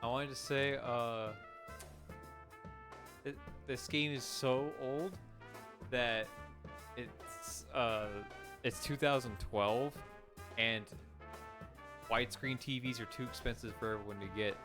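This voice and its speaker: A man's voice: mid-range voice, fairly even intonation, takes it slowly, long pauses, over music. A man co-hosting a casual podcast and making laid-back, wry asides. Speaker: podcast co-host. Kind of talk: casual chat.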